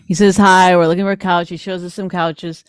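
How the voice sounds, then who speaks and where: A woman's voice: on the low side, brisk, clear, resonant tone, no room sound, clean studio sound. Exasperated woman telling a story. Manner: exasperated, animated storytelling with quoted voices. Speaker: podcast co-host. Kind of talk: casual chat.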